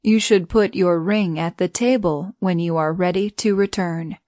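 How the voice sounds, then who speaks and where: A woman's voice: fairly low pitch, normal speed, mellow, no room sound, lightly acted. Woman voicing a weary ailing beast.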